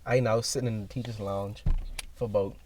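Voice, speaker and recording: A young man telling a rambling, animated story in casual podcast chat, acting out other people's voices as he goes. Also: lowish voice, fairly quick. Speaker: podcast guest. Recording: distant mic with faint noise.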